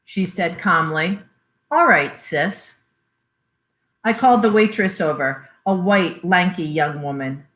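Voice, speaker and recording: A woman reading a memoir aloud in a measured storytelling way. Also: on the low side, fairly bright tone. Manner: measured storytelling with voiced quotes. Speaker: reader. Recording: roomy echoey recording.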